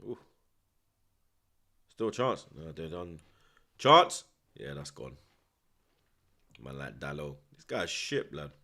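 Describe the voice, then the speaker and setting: A man with a London accent hosting a football watchalong, slangy and teasing, flaring up excitedly at the action from home. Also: rumbling low, takes it slowly, long pauses. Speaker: host. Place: at home indoors.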